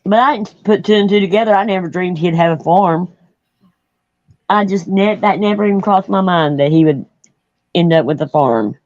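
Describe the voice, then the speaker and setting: A woman's voice: lowish voice, moderate pace, darkish tone, no echo. A middle-aged woman hosting a casual chat, folksy and blunt, laughing often. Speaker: host. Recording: dull lo-fi sound.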